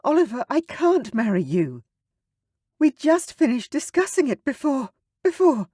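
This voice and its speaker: A man's voice: extremely high pitch, sing-song, measured pace, darkish tone, no room sound, clean studio sound, pitched above the performer's own voice, heavily acted. A man voicing an anxious young noblewoman in an audiobook, pleading and breathless. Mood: panicked. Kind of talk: audiobook character voice.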